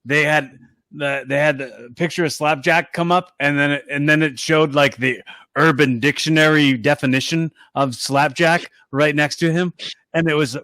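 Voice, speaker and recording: Man, podcast co-host, casual, hesitant, repeats words, slightly high voice, dry sound. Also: fairly even intonation, moderate pace, bright, forceful tone, no room sound. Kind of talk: casual chat.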